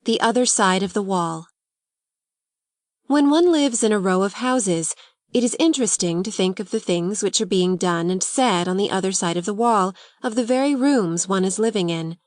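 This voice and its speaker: A woman reading a classic novel aloud as an audiobook narrator, in clear, even storytelling. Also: medium pitch, moderate pace, no room sound, clean studio sound.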